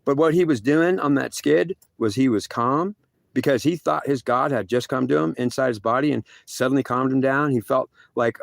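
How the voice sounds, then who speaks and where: A man telling a rambling spiritual story, halting often and restarting his sentences. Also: medium pitch, vocal fry, no echo, studio quality.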